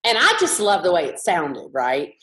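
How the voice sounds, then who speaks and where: A woman's voice: on the low side, moderate pace, poor audio. Profane, frank woman spinning stories. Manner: frank, profane, animated storyteller. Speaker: guest artist. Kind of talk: casual podcast chat, storytelling.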